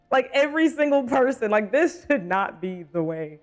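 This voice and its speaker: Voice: medium pitch, big pitch swings, a little slow, pauses often, soft background music. A young adult streamer in casual live stream chat while gaming, giggly, chatty and playfully teasing.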